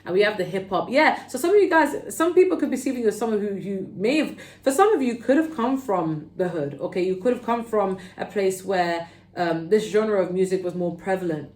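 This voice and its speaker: Woman, London accent, mid-pitched, talkative tarot reader; roomy sound. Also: brisk. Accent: London English. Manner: chatty, animated, peppered with "okay?" and "like". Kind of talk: casual pick-a-card tarot reading. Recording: roomy echo.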